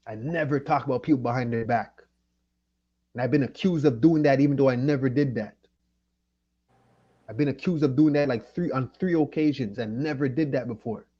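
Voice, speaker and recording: A Jamaican man hosts his channel's livestream, tipsy from liquor and weed, ranting with profanity and repeating himself in an annoyed way. His medium-pitched voice moves a little fast with a breathy edge, and the recording sounds muffled.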